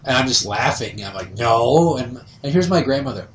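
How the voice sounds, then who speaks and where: A man's voice: mid-range voice, fast talker, slight background noise. A man hosting a podcast, telling a comic story and acting out the people in it. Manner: animated, acts out quoted voices. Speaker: podcast host. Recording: roomy, slightly distant from mic.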